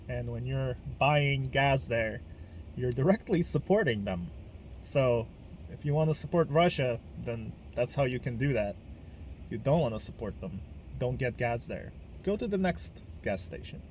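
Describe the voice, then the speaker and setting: A man's voice: mid-range voice, darkish tone, a little hiss or hum. A man from Ukraine, hosting a casual podcast monologue in a blunt, emphatic way, swearing freely. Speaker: podcast host.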